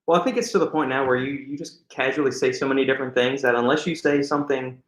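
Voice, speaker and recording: A man's voice: mid-range voice, quick pace. A man co-hosting a casual chat in a dry, blunt, matter-of-fact way. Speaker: co-host. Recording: echoey room.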